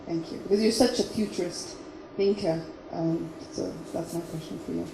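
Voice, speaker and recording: A woman's voice: lowish voice, fairly even intonation, moderate pace. A woman in the audience politely thanking her host and asking a question at a business talk. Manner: polite and gracious. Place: meeting room. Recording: echoey room with clear background noise.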